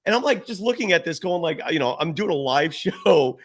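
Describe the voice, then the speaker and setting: A man hosts a live postgame basketball show from his home. He talks in a fairly high, very lively voice. He tells stories with gusto and acts out the people he quotes. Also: brisk. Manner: animated storyteller, acts out quotes and yelling. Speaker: show host.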